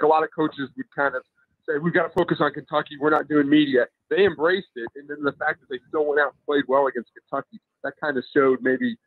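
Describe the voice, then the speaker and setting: A man's voice: fairly high pitch, no echo. A man who is a college football editor, giving sports radio analysis over the phone in an analytical way, stammering and restarting at times. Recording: tinny phone line.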